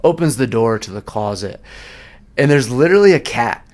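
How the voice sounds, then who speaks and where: A young man trading stories with a colleague in a relaxed chat. He gets lively as his tale builds, with lots of fillers and quick laughs. His voice sits at an ordinary middle pitch. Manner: animated, laughing storyteller who keeps saying "like". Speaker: real estate agent. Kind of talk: casual storytelling chat.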